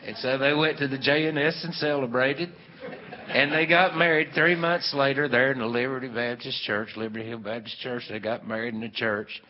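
A man spins a folksy tale, drawling and animated as he acts out each voice. His voice sits in the middle range and rings with long hall reverb. The recording is dull and lo-fi. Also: medium pitch, moderate pace, a little hiss or hum. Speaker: storyteller. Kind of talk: folksy spoken storytelling.

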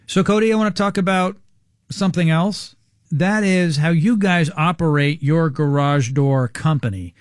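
A male radio show host making an on-air sales pitch, urgent and salesy, repeating key numbers slowly. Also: no room sound, clean studio sound.

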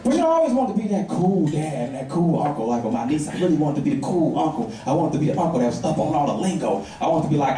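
Male stand-up comic, lively storyteller, distant mic, roomy club sound. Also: fairly high pitch, quick pace, hardly any pauses, slight background noise. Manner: animated storytelling with voiced characters. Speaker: stand-up comedian. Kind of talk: stand-up comedy routine. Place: comedy club stage. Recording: echoey club from a distance, crowd.

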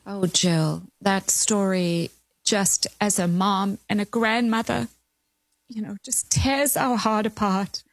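A woman host answering her guest with gentle sympathy. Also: mid-range voice, steady tone, slow, dry recording. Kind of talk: interview talk.

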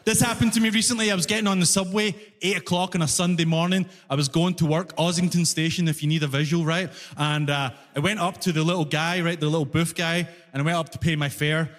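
A man who moved to Toronto as an immigrant, performing a stand-up routine, animated and acting out both sides of his stories. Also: a little high, fast, few pauses, big-room sound. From immigrant living in Toronto. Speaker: stand-up comedian. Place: comedy club stage.

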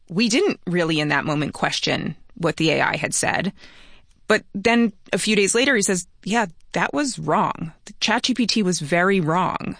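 A man's voice: sits high, a bit bright, dry recording. Man telling stories in a dry studio. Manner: storytelling, conversational with quick asides. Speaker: guest. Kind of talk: interview conversation.

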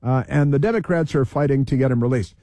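A man's voice: mid-range voice, quick pace, dark tone, no room sound. A man hosting political talk radio, heated, repeating himself and reeling off long lists.

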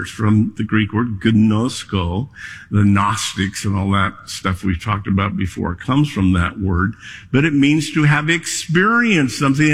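A male pastor preaching a sermon in a church, slow and deliberate, leaning on key words. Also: fairly low pitch, breathy edge. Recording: long hall reverb.

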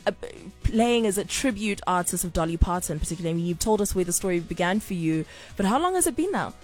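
A woman's voice: fairly low pitch, animated, quick pace, a little mellow, soft background music. A woman hosting a live interview, asking questions with enthusiasm. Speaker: talk show host.

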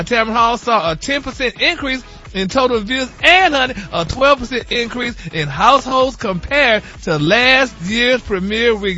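A man's voice: very high voice, pushed and bright, lo-fi sound. A man reporting celebrity news on a morning radio show in a showy, sassy way, calling listeners "honey" and "baby". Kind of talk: flamboyant gossip reporting.

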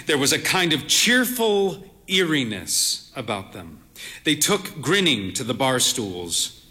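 A man reading a literary story aloud in a measured, wry, lyrical manner. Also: mid-range voice, very animated, sharp tone. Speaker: narrator.

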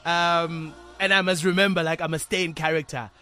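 A young man hosting a lively radio show from a studio, joking and bantering playfully with his callers and co-hosts. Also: fairly high pitch, fairly quick.

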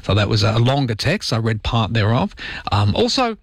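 A man's voice: mid-range voice, big pitch swings, normal speed, vocal fry, no room sound, studio quality. A man with a Welsh accent and a slight lisp, hosting overnight talkback radio, reading listener texts and giving his opinions in a chatty way. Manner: chatty and opinionated, with frequent ums. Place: radio studio.

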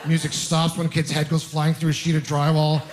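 A man's voice: a little high, completely flat delivery, moderate pace. A man performing a stand-up comedy set in a self-deprecating, rambling way, with restarts and exaggerated stories.

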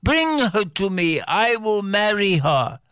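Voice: medium pitch, sing-song, takes it slowly, fairly bright tone, clean tone, no echo, studio quality, pitched above the performer's own voice. A storyteller voicing a proud, menacing peacock king who speaks in grand threats, in a told folktale. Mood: delighted. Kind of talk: told folktale, acted dialogue.

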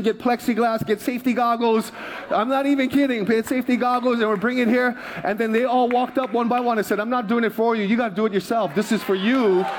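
High-voiced man preaching a sermon. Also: slight background noise. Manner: animated storytelling, self-interrupting asides. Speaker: pastor.

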